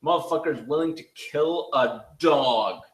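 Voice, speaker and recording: A man from Oklahoma with a slight Southern accent, chatting casually as a show host in a profane, excitable, teasing way. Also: a little high, measured pace, slight background noise. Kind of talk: casual chat. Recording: echoey room.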